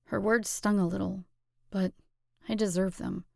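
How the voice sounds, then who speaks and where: Brief: woman audiobook narrator, expressive and steady, dry close sound. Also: medium pitch, measured pace, creaky, no echo. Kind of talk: scripted narration.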